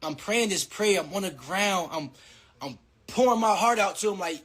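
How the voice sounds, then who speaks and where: Boastful young boxer, high and animated. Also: male voice, moderate pace, dry recording. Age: 20s. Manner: boastful, swearing, mocking. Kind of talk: heated interview clip.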